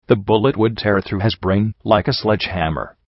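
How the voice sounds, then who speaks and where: A man narrating a dark first-person story in a grim, intense, dramatic reading. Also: fairly low pitch, normal speed, no echo. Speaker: audiobook narrator. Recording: dry, dull lo-fi recording.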